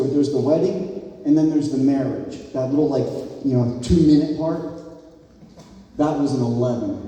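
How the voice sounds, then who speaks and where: Man in his fifties, wedding toast, rambling and joking, dark mellow voice, echoey hall, distant mic. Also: mid-range voice. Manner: rambling, joking, sentimental, shouts out crowd cheers. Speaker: wedding toast speaker, groom's friend.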